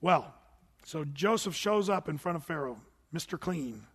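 A middle-aged man preaching a sermon in an animated, conversational way with touches of humor. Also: fairly high pitch, unhurried, slightly rough, in a large hall. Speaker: pastor.

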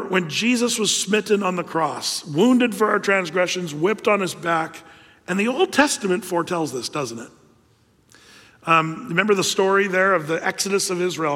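A man preaching a sermon as pastor, telling Bible stories with animated delivery and acting out the people in them. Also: sits high, in a large hall. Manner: animated storytelling, acting out biblical figures.

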